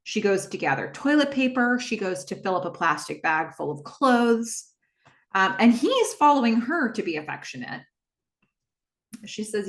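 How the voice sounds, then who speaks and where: A woman hosting a podcast, casually retelling a TV episode scene by scene and quoting the characters' lines with lively jumps in her voice. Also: lowish voice, moderate pace, reverberant. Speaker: podcast host recapping a TV episode. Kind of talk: casual solo recap narration.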